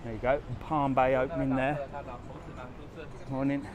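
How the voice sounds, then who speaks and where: A man's voice: mid-range voice, level tone, a little slow, crowd noise. Chatty man on a walking live stream. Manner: chatty, easygoing, talks straight to viewers. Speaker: travel vlogger and live-stream host. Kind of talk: casual live walking tour, reading viewer comments. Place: outdoors on a resort street, walking.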